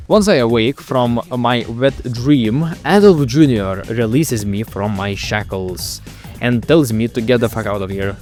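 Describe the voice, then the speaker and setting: A man's voice: medium pitch, a little slow, darkish tone. A young man doing a sarcastic, profane comedic voice-over of a video game. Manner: sarcastic, profane, mock-dramatic. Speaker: gaming video creator. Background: game music.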